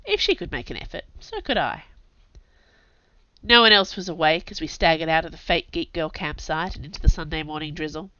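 Delivering a first-person novel with sardonic wit, this woman narrator has a bright voice pitched slightly low and full of lively pitch changes. Her pace is fairly quick; the audio is dry and somewhat dull, without echo.

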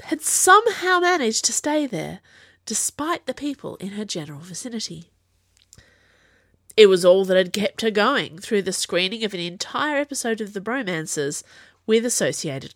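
A woman reads her own serialised fiction aloud with animated, expressive storytelling. Her voice rises and falls in a wide, lively range, and the recording is close and dry with no room echo. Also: medium pitch. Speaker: author and podcast narrator. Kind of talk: scripted narration of fiction.

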